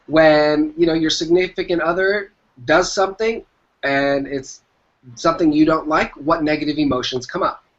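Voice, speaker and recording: An entrepreneur guest with a somewhat high, fairly bright voice speaks at a moderate pace with fairly even intonation. He presses motivational business advice in the interview, repeating his central phrases for emphasis, all on dull lo-fi audio.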